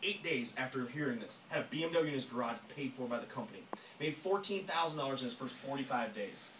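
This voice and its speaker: Fast-talking, excitable male trainer. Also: mid-range voice, noisy background. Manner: fast, excitable, emphatic, often acts out phone calls. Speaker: network marketing trainer. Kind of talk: energetic live training talk. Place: meeting room with audience. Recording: echoey room, voice from a distance.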